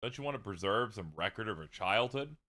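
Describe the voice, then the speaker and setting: Man voicing a gentle doting professor, tender, low-pitched, lively. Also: brisk. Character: gentle devoted male professor and new father.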